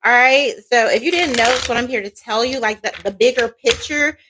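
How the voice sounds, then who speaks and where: A woman tarot reader giving a blunt, profane, animated spiritual monologue in a casual way. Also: on the high side, fairly quick, noisy background.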